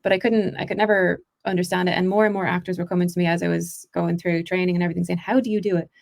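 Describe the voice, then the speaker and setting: A woman with an Irish accent, an actress and accent coach, telling stories in a chatty podcast interview, quick and full of restarts. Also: lowish voice, level tone, gravelly. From Ireland.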